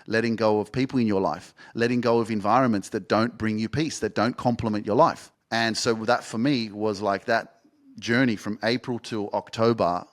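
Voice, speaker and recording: Young man, low voice, casual podcast storytelling, swears a lot, rambles. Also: fairly even intonation, moderate pace. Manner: candid, swears freely, rambling with restarts. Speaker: podcast host and life coach.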